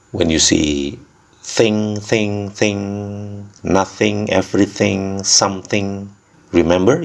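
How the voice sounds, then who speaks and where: Slow, deep-voiced man teaching grammar. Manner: slow, deliberate explaining with example sentences. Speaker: English teacher. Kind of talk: recorded grammar lesson.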